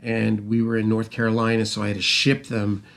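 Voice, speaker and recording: A middle-aged man hosting a talk show, telling a rambling, animated story with restarts and acted-out quotes. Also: lowish voice, a little fast, vocal fry. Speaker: host, mixing engineer. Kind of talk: casual storytelling monologue.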